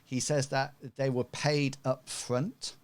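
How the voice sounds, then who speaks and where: A man narrating as game master, relaxed and full of fillers. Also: mid-range voice, takes it slowly.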